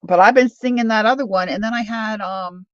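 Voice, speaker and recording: A woman hosts a live crafting stream, rambling, poking fun at herself, and greeting viewers by name. She speaks fairly quickly at a medium pitch. The recording is dry, with a dull lo-fi sound.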